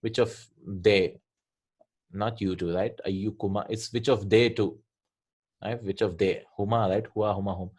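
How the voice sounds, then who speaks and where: A man's voice: on the low side, steady tone, normal speed, a little mellow, breathy edge. A man teaching an Arabic grammar lesson from a textbook, explaining each point and often checking with "right?".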